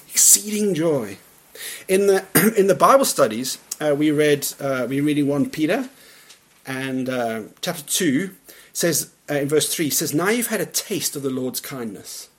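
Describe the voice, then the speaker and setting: Man, preacher, church sermon, earnest, emphatic, fairly high voice. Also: animated, unhurried. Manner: earnest, emphatic preaching with soft laughs and quiet drops at phrase ends. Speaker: pastor.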